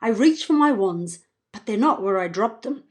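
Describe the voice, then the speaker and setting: A woman author reading her children's book aloud in an expressive, playful voice. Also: mid-range voice, normal speed. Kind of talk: children's storybook read-aloud.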